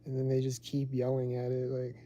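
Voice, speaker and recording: Man, livestream host, very dark voice, flat delivery, rambling casual talk. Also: medium pitch, brisk. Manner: rambling, heavy use of "like".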